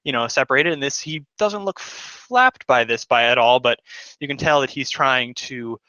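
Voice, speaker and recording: A man's voice: medium pitch, expressive, moderate pace, pushed and bright, dry recording, muffled recording. A man narrating a tabletop game as game master, in a rambling way full of fillers.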